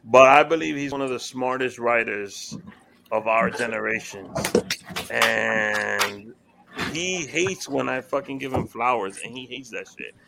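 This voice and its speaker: Podcast host guy, raspy-ish and bright, chill, curses casually. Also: medium pitch, a little slow, a little hiss or hum. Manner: relaxed, swears casually, affirms with mm-hmm.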